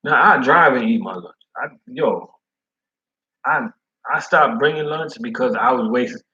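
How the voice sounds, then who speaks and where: Casual male delivery driver, slangy storyteller, mid pitch, muffled lo-fi recording. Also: animated, measured pace, sharp tone. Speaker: food service delivery driver. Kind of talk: casual chat.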